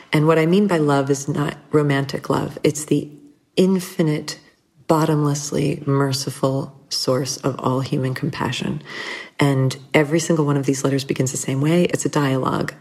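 A middle-aged woman speaking candidly and thoughtfully as an interview guest, with soft laughs between thoughts. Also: rumbling low. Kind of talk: reflective conversational interview.

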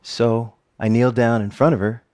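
A man's voice: medium pitch, fairly even intonation, normal speed, a little mellow, smooth. A middle-aged man giving an earnest personal storytelling talk, with joking asides.

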